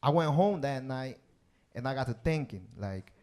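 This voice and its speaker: A man's voice: medium pitch, expressive, normal speed, darkish tone. A male stand-up comedian from Chicago, telling stories on a club stage and tagging his lines with "right?" and "man". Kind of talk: stand-up set.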